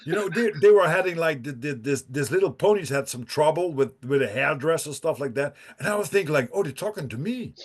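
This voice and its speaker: A man's voice: fairly high pitch, animated, brisk, few pauses. A man, a podcast guest telling a profane, rambling story with laughs and restarts. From Netherlands. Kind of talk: casual storytelling.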